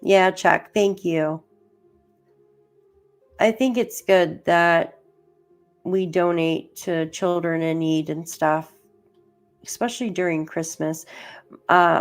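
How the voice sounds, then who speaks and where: Woman, true crime livestream host, somewhat low voice, rambling and chatty, lots of "like", talks to her chat. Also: fairly even intonation, measured pace, long pauses, soft background music. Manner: chatty and rambling, heavy use of "like"; addresses chat viewers by name. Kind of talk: casual livestream commentary reading case documents.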